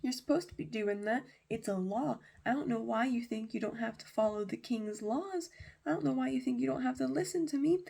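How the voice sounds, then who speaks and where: Woman putting on a hotheaded bragging king, gravelly and a bit high, bossing everyone around in a retold bible story. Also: dark tone. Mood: taunting. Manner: taunting, bossy, quick to rage. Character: boastful hot-tempered male king, menacing.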